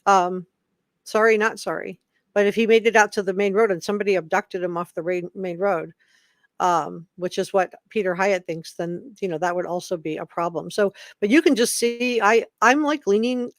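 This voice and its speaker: A woman's voice: medium pitch, normal speed, dry recording. A woman talks straight into a close mic in a dry, dead room. She chats casually as a live stream host, greets viewers by name and keeps apologizing in asides. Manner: chatty, reads viewer comments aloud, apologetic asides.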